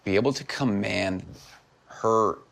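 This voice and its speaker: A man in his forties, an actor guesting on a podcast, telling stories in an earnest, animated way in casual chat. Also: lowish voice, slow pace, gravelly. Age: 40s.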